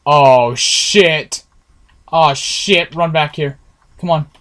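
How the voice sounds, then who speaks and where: A man's voice: a little high, very slow, a bit bright. Jittery man narrating a horror game. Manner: jumpy, nervous chatter to viewers with frequent swearing. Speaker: gameplay streamer. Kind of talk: horror gameplay commentary.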